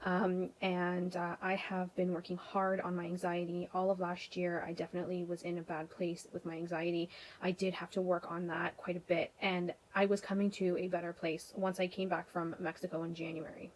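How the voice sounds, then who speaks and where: A woman's voice: lowish voice, level tone, normal speed, a little hiss or hum, poor audio. A young woman from Canada talking casually to camera for her vlog, rambling a little and filling gaps with ums and you-knows. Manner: chatty, rambling, many ums and restarts. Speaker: vlogger.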